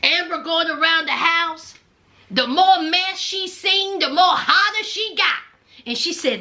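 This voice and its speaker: A woman's voice: very high-pitched, measured pace, pushed and bright. A woman hosting a reality TV recap, telling it as a sassy, dramatic story in casual commentary. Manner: sassy, dramatic storytelling, calls listeners honey.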